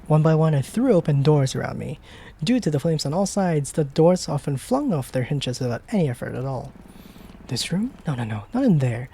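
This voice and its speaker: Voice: very animated, moderate pace, husky. A streamer reading game text aloud in character as a panicked young woman trapped in a burning building, stammering and crying out. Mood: desperate. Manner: frantic, stammering, breaking into high shouts and whispers.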